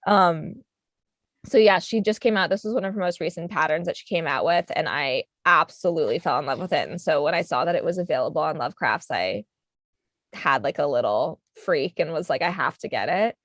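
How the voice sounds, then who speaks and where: A woman chats casually with a slightly low voice, full of fillers and small laughs. The sound is dry and close, as on a video call. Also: brisk, no echo. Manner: chatty, uses lots of likes, laughs while talking. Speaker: guest. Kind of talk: casual chat on a livestream.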